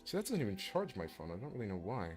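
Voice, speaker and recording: A man's voice: fairly low pitch, huge pitch swings, fast talker, soft background music. A man streaming as a voice actor, chatting casually, joking and rambling and swearing freely. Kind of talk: casual livestream chat.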